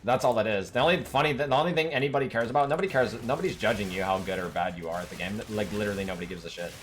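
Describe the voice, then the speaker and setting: A man's voice: on the low side, very fast, slight background noise. A man streaming a game, talking casually to his chat in a rambling, profanity-laden rant that keeps circling back to one point.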